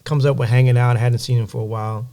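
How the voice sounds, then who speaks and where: A man as a podcast guest, telling animated stories and giving emphatic motivational advice. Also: medium pitch, racing. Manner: animated storyteller, acts out quoted voices. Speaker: guest, music executive. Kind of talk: storytelling in a podcast interview.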